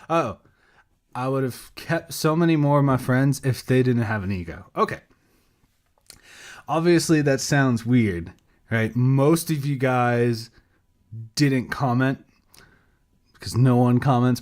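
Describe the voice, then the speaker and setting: Slow-talking, sleepy man podcasting alone. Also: medium pitch. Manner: rambling, loses his train of thought, laughs at himself. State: sleep-deprived and foggy. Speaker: podcast co-host. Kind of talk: casual podcast monologue.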